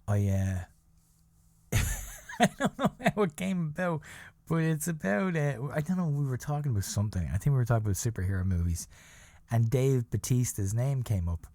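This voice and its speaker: A man tells a coworker's story on his podcast. He rambles, trips over his words and laughs at his own tale. His voice sits at an ordinary pitch and sounds dry and close to the mic. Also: warm tone, dry recording. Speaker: podcast host. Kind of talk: casual storytelling monologue.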